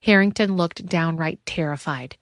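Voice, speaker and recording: A woman narrating an audiobook thriller in a steady, measured way. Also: sits low, dry recording, studio quality.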